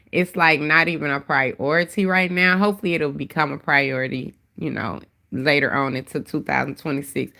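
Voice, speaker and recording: Low gravelly woman, stuffed-up nose, aave, just chatting with her live chat. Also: pushed and bright. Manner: chatty, addresses viewers as "y'all" and "baby". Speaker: livestream host. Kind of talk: casual livestream chat.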